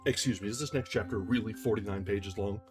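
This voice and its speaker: A man reading a classic novel aloud on a livestream, steady narration with casual asides. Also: lowish voice, quick pace, over music. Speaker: audiobook reader on a livestream.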